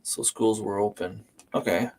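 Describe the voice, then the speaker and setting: A man's voice: lowish voice, steady tone, measured pace, darkish tone. Easygoing man hosting a livestream chat. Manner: easygoing, laughs often, greets and answers viewers by name. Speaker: livestream host. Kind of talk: casual chat. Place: home, livestreaming. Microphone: desk microphone and webcam.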